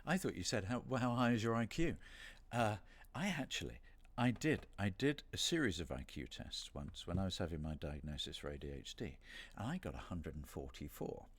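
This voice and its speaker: A man's voice: low-pitched, big pitch swings, a little fast, few pauses, fairly bright tone, husky. A middle-aged man from Britain chatting casually on a livestream signing session, rambling and self-deprecating with playful asides. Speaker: voice actor hosting a signing stream.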